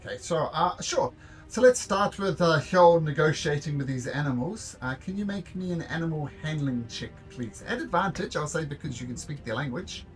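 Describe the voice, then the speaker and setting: Acting as game master for a tabletop game, a man narrates haltingly, full of fillers and repeated words. His voice sits on the high side and sounds animated, with faint music in the background.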